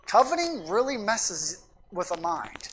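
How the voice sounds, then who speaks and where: A woman pastor delivers a Sunday sermon in a church sanctuary, driving her points home by repeating them. Her pitch sits in an ordinary middle range, and a faint hiss lies under the room. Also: very animated, a little slow. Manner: emphatic, repetitive preaching with anecdotes.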